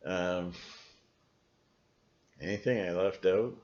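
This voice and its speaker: A man's voice: low-pitched, steady tone, slow pace, darkish tone. A man ranting on his own video channel in a rambling, sardonic monologue, with many restarts. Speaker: video blogger. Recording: dull lo-fi recording.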